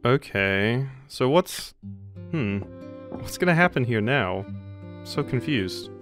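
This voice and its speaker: A man's voice: medium pitch, lively intonation, slow pace. A man giving casual let's play commentary, musing and reading game text aloud. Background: game music.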